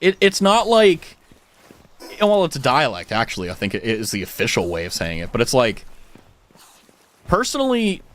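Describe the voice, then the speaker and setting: This young adult streamer speaks General American English in a mid-range voice at a moderate pace, pausing often. He tells his viewers stories in loose, animated chat, peppering it with lots of fillers and plenty of swearing.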